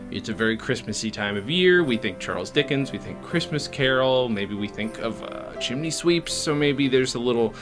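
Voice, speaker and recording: An actor playing an awkward, patient man confronting his friend, talking in a hesitant, halting, polite way in a comedy sketch. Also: medium pitch, expressive, music in the background, close to an everyday voice.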